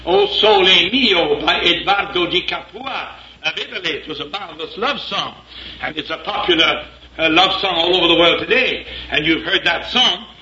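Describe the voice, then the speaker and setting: High-voiced animated preacher in echoey hall. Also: male voice, moderate pace, slight background noise. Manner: animated storyteller, drops into French and acted voices. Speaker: minister. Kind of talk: storytelling sermon. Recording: echoey lo-fi hall recording with audience.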